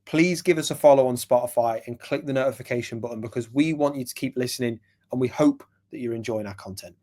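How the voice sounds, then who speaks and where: A young man from England, co-hosting a podcast and telling stories animatedly, jumping from loud to hushed. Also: mid-range voice, fast. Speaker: podcast co-host. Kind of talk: casual chat.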